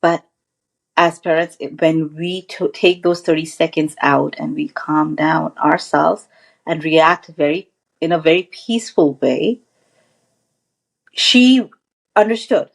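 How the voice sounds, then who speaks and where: A woman's voice: low-pitched, slow, creaky, long pauses, husky. A woman mindfulness coach as a podcast guest, talking earnestly and reflectively, often restarting her sentences. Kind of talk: casual interview chat.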